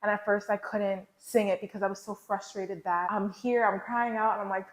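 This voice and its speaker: A woman's voice: medium pitch, steady tone, brisk, hardly any pauses. A woman vlogger telling a candid, casual, heartfelt faith story to her viewers. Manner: casual, slangy, heartfelt and confessional. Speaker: lifestyle vlogger. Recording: roomy echo.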